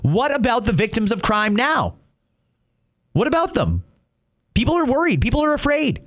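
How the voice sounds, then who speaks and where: A man's voice: very high voice, huge pitch swings, normal speed, a bit bright. A man hosting an opinion show, ranting indignantly about politics. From Canada. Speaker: podcast host. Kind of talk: opinion commentary.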